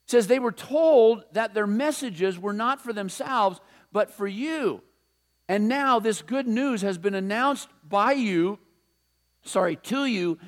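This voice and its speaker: A male pastor giving a sermon in a conversational, animated storytelling way, with playful asides. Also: high-pitched.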